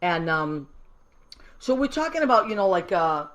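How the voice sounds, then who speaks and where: A woman's voice: on the low side, sing-song, moderate pace, a bit bright. A woman from Massachusetts hosting a live call-in show, chatty, effusive and affectionate, rambling a little as she goes. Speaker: host.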